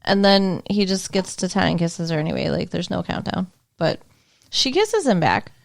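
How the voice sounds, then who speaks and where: A woman's voice: on the low side, expressive, moderate pace, vocal fry. A woman co-hosting a podcast in casual recap chat, laughing a lot and teasing her partner. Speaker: podcast co-host.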